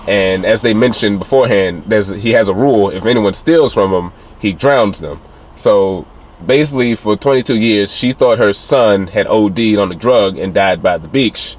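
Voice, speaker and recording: A man casually recapping a film's plot as a reviewer, rambling with many fillers. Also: normal speed. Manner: rambling retelling with many fillers, acting out quotes in a higher voice. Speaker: film reviewer. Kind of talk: casual spoiler recap of a film.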